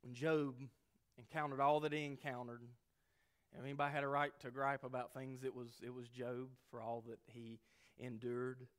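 A man preaching a sermon as pastor, earnest, dropping to quiet low asides and rising to loud emphatic peaks. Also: flat delivery, moderate pace, smooth.

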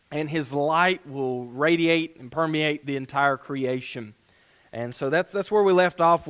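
Earnest clear-voiced male preacher. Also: a little high. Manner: earnest, restarts phrases, reads scripture aloud with emphasis. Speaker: pastor. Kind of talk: sermon.

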